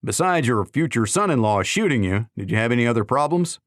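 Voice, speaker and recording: A man voicing a friendly, brisk community leader who talks in an upbeat way. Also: medium pitch, expressive, dry recording, clean studio sound, close to an everyday voice.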